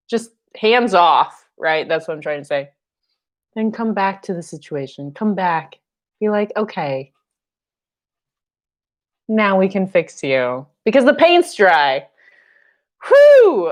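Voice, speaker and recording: Chatty, slow-talking woman painting teacher. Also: mid-range voice. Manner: chatty and jokey, laughs often. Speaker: paint night instructor. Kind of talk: casual live-stream painting lesson.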